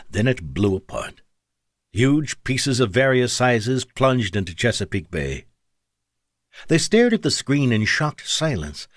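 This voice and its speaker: A man's voice: medium pitch, no echo. A man narrating an audiobook in dramatic, scripted storytelling on a close studio mic.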